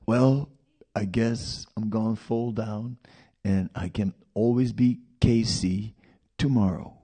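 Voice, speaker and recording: A man's voice: fairly low pitch, steady tone, slow, mellow, breathy edge. A man preaching a sermon in a storytelling manner, with rhetorical questions and asides.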